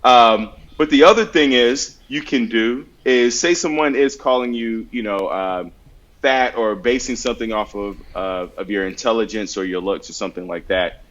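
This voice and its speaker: A man's voice: mid-range voice, moderate pace, fairly bright tone. Earnest man giving advice, lo-fi. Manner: earnest, storytelling with acted-out examples. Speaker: podcast guest giving mental health advice. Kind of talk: conversational advice with anecdotes.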